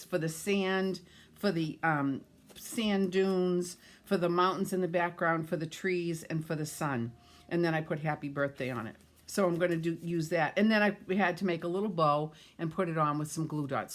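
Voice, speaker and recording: A woman's voice: fairly low pitch, fairly bright tone. Chatty woman hosting a crafts livestream. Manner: chatty, rambling, greets viewers by name. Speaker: card-making livestream host. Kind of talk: casual livestream demo.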